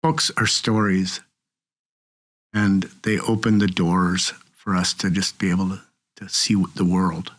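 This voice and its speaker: A man's voice: low-pitched, level tone, measured pace, fairly bright tone. A man, a museum director, speaking articulately with a dry sense of humor. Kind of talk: casual chat.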